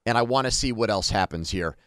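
A man's voice: lowish voice, fairly quick, a bit bright, no echo, studio quality. A man co-hosting a sports talk show, giving strong opinions in casual debate with frequent restarts.

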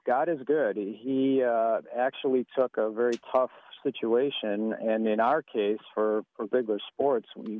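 A man's voice: medium pitch, dry recording. Man, radio guest, easygoing, phone-line audio, dry. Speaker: guest, sports facility owner. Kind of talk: radio interview.

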